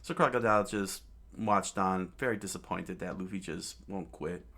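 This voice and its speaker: A man casually reading a comic aloud, halting often and restarting his sentences with amused asides. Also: low-pitched, fairly bright tone, a little hiss or hum. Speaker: comic reader.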